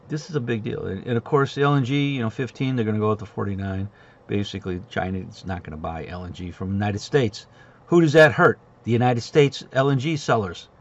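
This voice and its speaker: Gravelly blunt middle-aged man. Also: mid-range voice, a little fast. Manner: blunt, sarcastic and rambling. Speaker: market commentary host. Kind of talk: casual market commentary. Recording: dull lo-fi recording.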